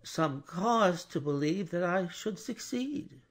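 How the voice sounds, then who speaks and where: A man voicing a fussy, mild older male bank clerk in an audiobook, hesitant and precise, with a husky voice. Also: high voice, animated, slow pace, voice pushed up, full character voice. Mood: earnest.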